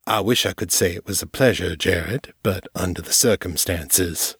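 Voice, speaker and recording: A male narrator voicing a weary captive man who drawls in a deep bass voice. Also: normal speed, fairly bright tone, dry recording, studio quality, full character voice. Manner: drawling, gruff.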